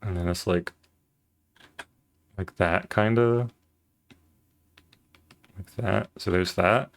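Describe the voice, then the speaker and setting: Rambling low-voiced male streamer. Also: fairly even intonation, slow. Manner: rambling, filler-heavy, playful. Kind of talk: casual chat while drawing on stream.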